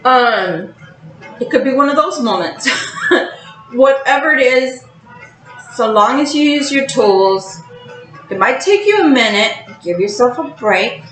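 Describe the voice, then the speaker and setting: A woman's voice: sits high, slow, pauses often, reverberant, faint music behind, rough recording. A woman hosting a tarot channel, talking casually about balance and acting out emotional outbursts as she goes. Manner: animated, acts out emotional outbursts. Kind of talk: casual spiritual monologue.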